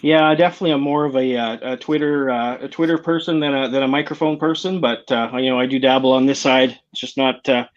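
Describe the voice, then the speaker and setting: Modest hesitant male guest, mid-pitch, muffled lo-fi sound. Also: fairly even intonation, fast talker, hardly any pauses. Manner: hesitant, modest, many fillers. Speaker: podcast guest. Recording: dull lo-fi audio.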